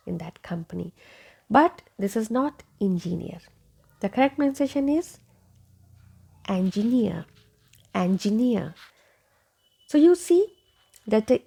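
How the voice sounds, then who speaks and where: A woman leads a pronunciation lesson at an unhurried, deliberate pace. Her voice has a gravelly, fried edge. She says each word over and over and keeps checking with 'okay?'. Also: on the high side, dark tone. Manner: repeats each word several times, asks 'okay?'. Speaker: English pronunciation teacher.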